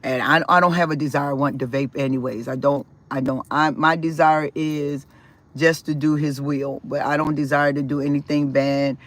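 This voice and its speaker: A man vlogging casually about his life, rambling with restarts and repeated words, and swinging in loudness and pitch as he talks. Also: little pitch movement, normal speed. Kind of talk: casual personal storytelling.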